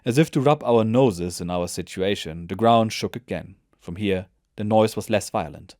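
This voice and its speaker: A man reads a soldier's memoir aloud in a measured, steady way. His voice is low, and the recording is dry and close. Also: dry recording. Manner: measured, even narration. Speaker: narrator. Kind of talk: audiobook memoir reading.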